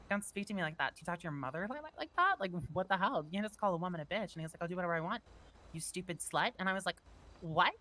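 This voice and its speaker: A woman's voice: fairly low pitch, bright, forceful tone, poor audio. A woman playing a ditzy valley-girl witness. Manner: valley-girl chatter, full of "like". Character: ditzy gossiping young woman, indignant. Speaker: interviewed witness. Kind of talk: role-play news interview.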